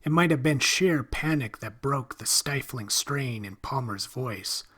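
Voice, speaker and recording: A man reading a horror story aloud in a slow, hushed, drawn-out way. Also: mid-range voice, animated, slightly rough. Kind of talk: scripted horror narration.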